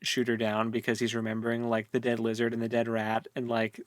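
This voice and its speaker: A man's voice: medium pitch, completely flat delivery, a little fast, no room sound. Guy rambling casually on a book podcast, laughs a lot, dry close mic. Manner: rambling, chatty, laughs often. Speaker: podcast co-host.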